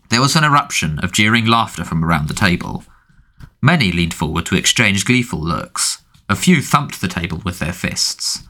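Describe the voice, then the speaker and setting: A man narrating an audiobook in an expressive storytelling manner. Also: deep voice, moderate pace. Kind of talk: scripted narration.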